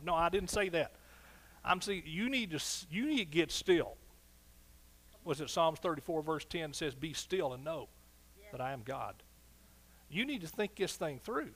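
A middle-aged man preaching a sermon as pastor, animated, swinging between soft asides and loud exclamations. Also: a little high, normal speed.

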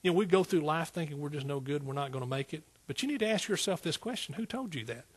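A husky-voiced man preaching a sermon in a slightly high register. He addresses the congregation casually, with calls of "y'all", and swells to emphatic peaks before settling back. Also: expressive, quick pace. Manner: rises to emphatic exclaiming peaks; Southern "y'all" speech.

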